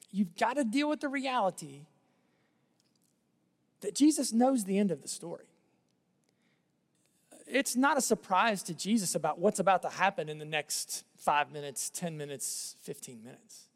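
A man preaching a sermon in a conversational way, repeating phrases and letting his voice drop softly at the ends of lines. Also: sits high, animated, a little slow, pauses often, big-room sound. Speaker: pastor.

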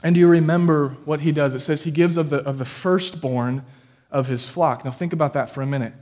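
A man preaching a sermon as pastor, building emphatically to loud peaks and dropping low again, putting questions straight to his listeners. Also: brisk. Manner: addresses listeners directly with questions.

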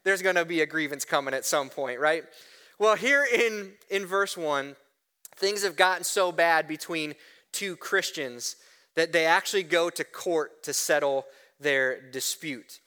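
A man preaching a sermon, animated, often asking "right?" and restarting words. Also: a little high, unhurried, clean tone. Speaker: pastor.

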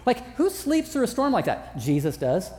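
Male pastor, chatty and joking sermon style, very expressive pitch, long hall echo. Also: moderate pace. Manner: conversational, self-deprecating humor. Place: large church auditorium.

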